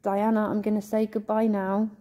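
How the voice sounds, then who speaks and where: A woman's voice: medium pitch, little pitch movement, normal speed, warm tone. Emotional woman ghost hunting. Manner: coaxing, pleading, emotional. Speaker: ghost hunter vlogger. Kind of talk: ghost-hunting vlog, calling out to a spirit. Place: inside a church.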